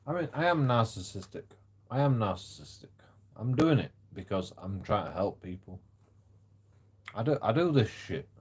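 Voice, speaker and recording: A man streaming live who rambles and stammers, swearing freely and swinging between loud outbursts and low mutters. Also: big pitch swings, normal speed, breathy edge.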